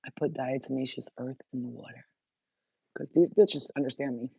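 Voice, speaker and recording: A woman's voice: rumbling low, steady tone, moderate pace, creaky, dark tone, husky, no echo. Blunt, profane woman channeler, lo-fi audio. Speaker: spiritual channeler. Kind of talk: casual live-stream chat.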